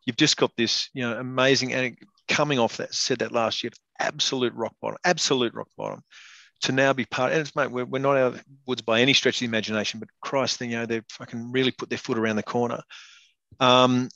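A middle-aged man talks quickly and bluntly, peppering his speech with "mate" and swearing. The recording is dry and a little dull, with no room sound. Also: medium pitch, fairly even intonation, creaky, bright, forceful tone, no room sound. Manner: blunt and matey, swears freely, says "mate" constantly. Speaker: guest, former professional rugby player and state rugby board member. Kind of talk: casual interview chat.

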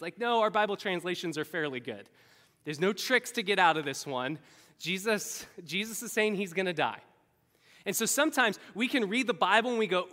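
Bright-voiced preacher in an echoey hall. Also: male voice, sits high, moderate pace. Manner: animated, acts out quoted voices. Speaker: pastor. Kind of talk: sermon.

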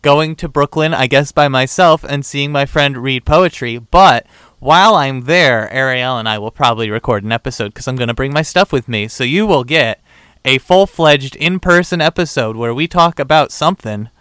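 A man's voice: medium pitch, normal speed, a bit bright, clean tone, no room sound, clean studio sound. A man co-hosting a podcast, chatting casually and playfully. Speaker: podcast co-host. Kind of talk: casual chat.

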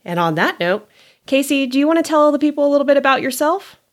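A woman's voice: high-pitched, very animated, fast. A woman from California co-hosting a podcast, introducing herself in a jokey, chatty way. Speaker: podcast co-host. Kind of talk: casual podcast self-introduction.

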